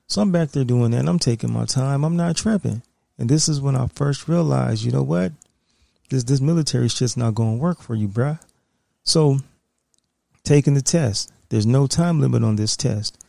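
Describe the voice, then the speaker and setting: A man with a gravelly, somewhat high but mellow voice tells a personal story in a casual, streetwise way. He swears freely and acts out the scenes with lively energy. The recording is dry and close. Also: moderate pace, no room sound. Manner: profane, streetwise, animated.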